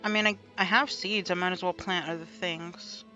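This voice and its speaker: A woman's voice: fairly low pitch, steady tone, normal speed, bright, forceful tone, muffled recording. A woman chatting casually through a gameplay livestream, talking to herself and to chat and laughing often. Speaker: streamer. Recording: light music behind the voice.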